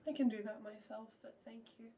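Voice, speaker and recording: A woman's voice: on the high side, fairly even intonation, fairly quick, dark tone, far from the mic. A woman playing her character in a tabletop game, dry and teasing. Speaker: player. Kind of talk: in-character tabletop role-play.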